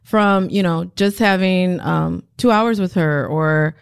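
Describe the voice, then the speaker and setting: A woman volunteer mentor speaking softly and with feeling in casual talk. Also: lowish voice, slow, vocal fry, smooth. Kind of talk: casual chat.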